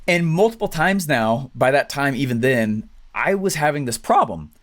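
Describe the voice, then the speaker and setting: A man teaching an online business training, talking fast and animated, often checking in with "right?" and "okay?". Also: medium pitch. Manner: fast, animated, acts out quoted clients; keeps tagging lines with "right?" and "okay?". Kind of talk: energetic training talk to viewers.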